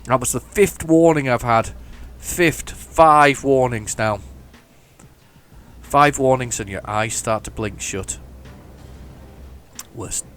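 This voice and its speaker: A man's voice: mid-range voice, takes it slowly, pauses often, a bit bright. A man giving chatty, mock-heroic commentary while playing a driving game. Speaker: gaming channel host. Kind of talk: casual gameplay commentary.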